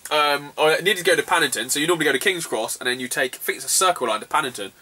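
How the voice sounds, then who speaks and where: Brief: young man, chatty storyteller, bright forceful tone, a bit off-mic. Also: fairly high pitch, very fast, breathy edge, far from the mic. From England, southwest. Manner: laughs often, swears freely, animated retelling. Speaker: retro gaming vlogger. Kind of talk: casual storytelling.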